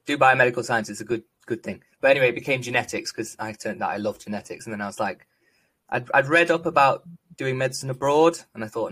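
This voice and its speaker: A man's voice: medium pitch, brisk. A man with a posh Northern English accent, a GP chatting as a podcast guest, telling stories with self-deprecating humour. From England, born Liverpool, raised Manchester. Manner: lively storytelling, self-deprecating, frequent laughs. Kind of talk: casual podcast chat.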